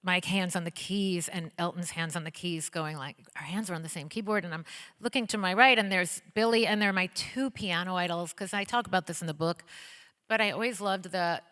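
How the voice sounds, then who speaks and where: A woman's voice: fairly low pitch, a little fast. Bubbly woman telling stories onstage. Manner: bubbly, excited storytelling, many likes and ums. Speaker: guest, pop singer and author. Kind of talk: onstage interview. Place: auditorium stage before an audience. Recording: long reverb of a hall.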